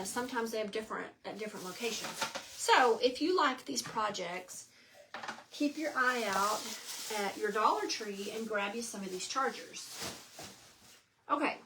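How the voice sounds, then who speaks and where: Middle-aged woman, craft live-stream host, rambling and chatty, a touch breathless, voice sitting a bit high. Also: background noise. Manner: chatty, rambling, greets viewers by name. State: slightly out of breath.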